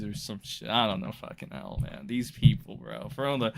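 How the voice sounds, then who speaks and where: Bright-voiced profane streamer man. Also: medium pitch, moderate pace, gravelly, hardly any pauses. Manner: profane, blunt, loose and rambling. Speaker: streamer reacting to drama. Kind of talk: casual livestream commentary.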